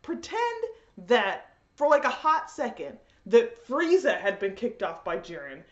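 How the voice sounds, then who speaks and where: Woman, casual review vlog, rambling fan rant, lively swooping voice, dull lo-fi sound. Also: on the high side, unhurried. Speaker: anime reviewer. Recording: echoey room, dull lo-fi audio.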